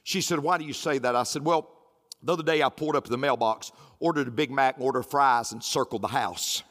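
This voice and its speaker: A man's voice: medium pitch, quick pace, a bit bright. A man preaching a sermon as pastor, emphatic and repetitive, with folksy humor. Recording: roomy hall with faint music.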